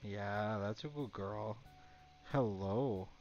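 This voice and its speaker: A man streaming a game live, chatting softly to his pet dog between game lines. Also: lowish voice, takes it slowly. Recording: dull lo-fi, faint game music.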